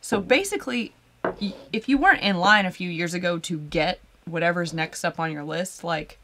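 Bright-voiced chatty woman co-host. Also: fairly low pitch, moderate pace. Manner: chatty, expressive, reads viewer comments. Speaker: podcast co-host. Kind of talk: casual live chat.

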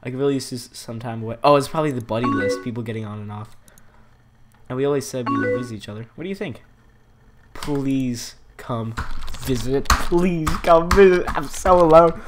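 A young man hosting a let's play, joking and reading chat messages aloud in an animated voice. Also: medium pitch, fairly quick. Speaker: gaming channel host. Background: loud game music.

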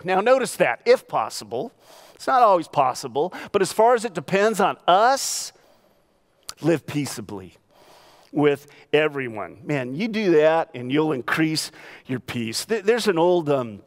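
High-voiced male pastor preaching. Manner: animated storytelling with laughs. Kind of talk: sermon. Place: church sanctuary.

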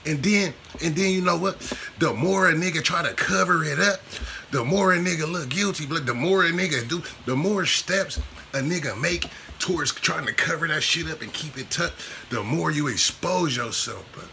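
A man's voice: on the high side, normal speed, creaky, bright, forceful tone, slight background noise. A man vlogging a casual commentary rant, profane and repetitive in his street slang.

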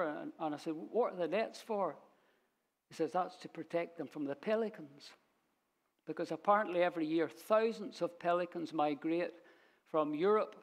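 A man teaching a Bible sermon in a church, unhurried and storytelling as he quotes verses. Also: fairly high pitch. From Scotland. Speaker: preacher.

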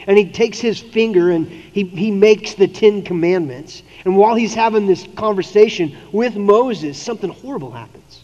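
A man's voice: sits high, normal speed, a little mellow. Conversational male pastor in a reverberant hall. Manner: casual, conversational preaching with playful voiced quotes. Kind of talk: sermon. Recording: dull lo-fi audio with long hall reverb.

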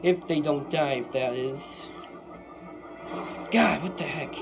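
A young man giving live gameplay commentary, excitable and quick to vent frustration at the game. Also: mid-range voice. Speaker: gaming YouTuber. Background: game music.

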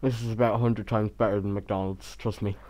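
Young male YouTuber, low and soft-toned, chatty and self-mocking, stutters. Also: flat delivery, fairly quick. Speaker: Minecraft YouTuber. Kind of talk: casual voice-over of a build time lapse.

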